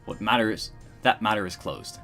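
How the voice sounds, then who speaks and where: A man's voice: lowish voice, moderate pace, a bit bright, soft background music, close to an everyday voice. A man voicing a stern, impatient senior detective in a game, giving curt commands.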